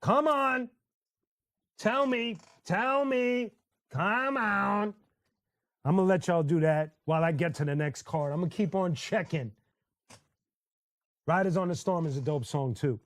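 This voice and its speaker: A man's voice: sits high, unhurried, long pauses, dry recording. A man hosting a casual live stream, chatting loosely and telling stories, breaking into sung snippets and laughter. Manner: animated storyteller who sings snippets and laughs often. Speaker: host.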